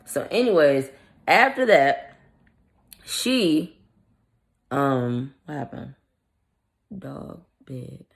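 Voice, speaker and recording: A woman's voice: rumbling low, drawn-out words, vocal fry, pauses often. A woman vlogger casually telling a story in a blunt, profane, irritated way, acting out the quoted dialogue. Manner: animated, acts out the quoted dialogue.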